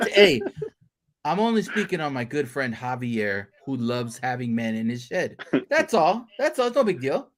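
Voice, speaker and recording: A man's voice: medium pitch, sing-song, unhurried, long pauses. A man hosting a casual podcast chat, joking and teasing his guest with lots of swearing. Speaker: podcast host.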